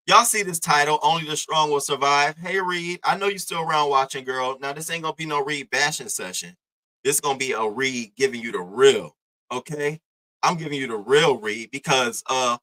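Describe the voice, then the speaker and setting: Young male commentary streamer, bright, tense tone, profane casual patter. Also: fairly high pitch, expressive, normal speed, low-quality recording. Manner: loose, profane, slangy, shouts out chatters.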